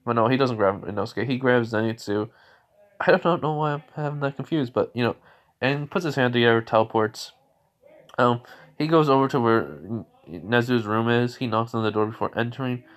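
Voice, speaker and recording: A man's voice: mid-range voice, brisk. A man improvising a fan story, rambling and correcting himself as he goes.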